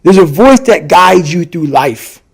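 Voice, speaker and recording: A middle-aged man giving an intense motivational talk as a podcast guest, forceful and repetitive in his emphasis. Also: high-pitched, animated, measured pace, gravelly, husky.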